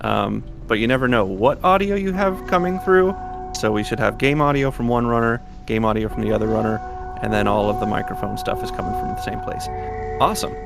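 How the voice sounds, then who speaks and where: A male stream host talks casually, pausing and restarting as he checks the setup. His voice is gravelly, with music clearly audible behind him. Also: fairly low pitch. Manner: hesitant, troubleshooting aloud. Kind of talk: casual live-stream hosting.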